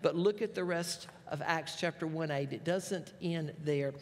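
High-voiced pastor preaching. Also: male voice, a little slow. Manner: storytelling, animated retelling of scripture with folksy asides. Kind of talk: sermon. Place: church sanctuary. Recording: long reverb of a church hall.

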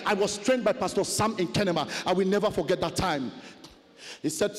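A man preaching a fiery sermon testimony, chanting and shouting repeated refrains. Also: high voice, a little fast. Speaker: pastor. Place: large conference hall. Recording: long hall reverb.

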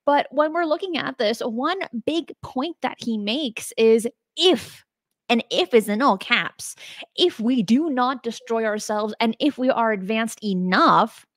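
A woman's voice: a little high, expressive, measured pace, a bit bright, dry recording, clean studio sound. A woman hosting a casual discussion in a chatty way, laughing between her points. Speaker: podcast host.

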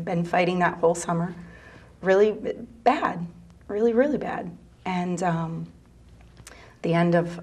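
A middle-aged mother telling a personal story in an interview, soft-spoken and halting, sometimes dropping to a near whisper. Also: lowish voice, husky. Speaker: mother of a gay teen son; interview guest.

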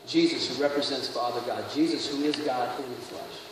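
High voiced pastor guy preaching, goes quiet then yells, long church echo, faint hiss. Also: steady tone, a little fast. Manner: dramatic, swings from hushed to shouting. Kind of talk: sermon. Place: church sanctuary. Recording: echoey hall from far off, faint noise.

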